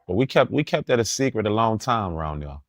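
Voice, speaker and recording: Low-voiced man telling a story in street slang. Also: fast, no echo, studio quality. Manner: street slang, keeps asking "you dig"; laughing, animated anecdotes. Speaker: guest. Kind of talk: casual storytelling.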